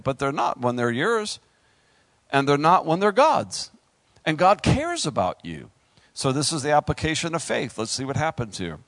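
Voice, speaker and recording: A man preaching a sermon with animated delivery, rising to high exclamations and pulling back to quieter asides. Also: dry recording. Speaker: pastor.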